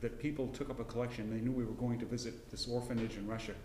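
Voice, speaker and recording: A middle-aged man teaching a casual Bible class, folksy and rambling, with frequent restarts and throat clearing. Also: medium pitch, level tone, fast, a little mellow, echoey room, a little hiss or hum. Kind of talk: casual Bible lesson with personal story. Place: church classroom.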